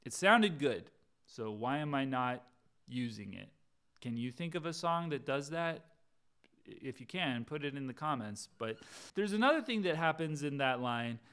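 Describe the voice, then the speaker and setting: Chatty bright-voiced male songwriter. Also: mid-range voice, lively intonation, moderate pace, smooth. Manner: chatty, self-interrupting, breaks into singing lines. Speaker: songwriter teaching his own song. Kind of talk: casual songwriting breakdown with guitar.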